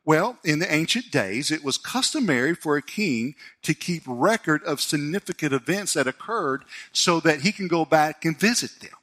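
A man, preaching a sermon as a pastor and telling a personal story with animated delivery. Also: normal speed, few pauses. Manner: storytelling, animated, voice rising high when excited.

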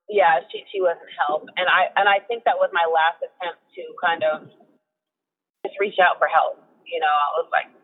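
A man earnestly telling a painful personal testimony, halting and restarting, with small nervous laughs. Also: fairly high pitch, fairly even intonation, long reverb tail. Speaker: guest sharing testimony. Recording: tinny phone-line audio.

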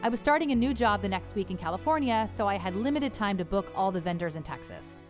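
A woman earnestly narrating a personal story in a measured way. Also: mid-range voice, expressive, soft background music.

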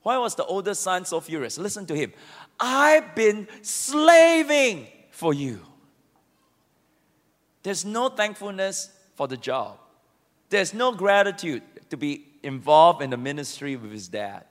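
A man preaching a sermon, animated and calling on the congregation to answer back. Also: fairly high pitch, moderate pace, in a large hall. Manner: animated, asks the congregation to respond.

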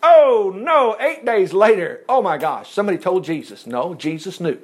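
Animated preacher man, lively pitch. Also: normal speed, breathy edge. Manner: lively, asides and chuckles between verses. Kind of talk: sermon, reading and commenting on scripture.

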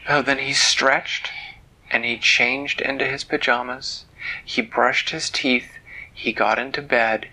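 A man telling a children's bedtime story, gentle and playful, dropping into hushed whispers. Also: medium pitch, fairly even intonation, slow, poor audio.

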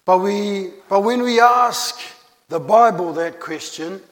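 A man's voice: sits high, slow pace, a bit bright. A man preaching a sermon, earnest and repeating key phrases for emphasis. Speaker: pastor. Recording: long reverb of a hall.

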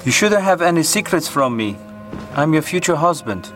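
An actor playing an intense, heartbroken man pleading with his fiancée, talking with halting, odd pauses, in a movie clip with music behind. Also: fairly high pitch, sing-song, a bit bright.

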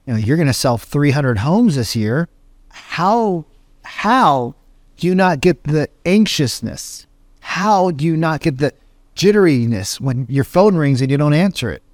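Animated, emphatic man with a dry sound. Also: a little high, normal speed, no room sound. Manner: animated and emphatic, with repeated phrases. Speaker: podcast guest. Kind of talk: casual storytelling with motivational advice.

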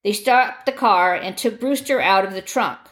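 A woman narrating a true crime story in a grave, measured reading voice. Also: mid-range voice, a bit bright.

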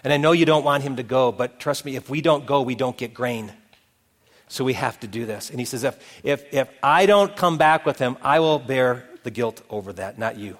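A man's voice: mid-range voice, moderate pace, a bit bright. A middle-aged man preaching a sermon, retelling a story and acting out its characters' voices. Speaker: pastor. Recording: long reverb of a hall.

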